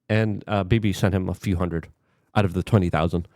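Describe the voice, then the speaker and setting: Brief: male online commentator, heated and sarcastic, lively swings in pitch, dry close sound. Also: a little fast, no echo. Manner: heated, sarcastic, talks straight to the viewer. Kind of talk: political commentary.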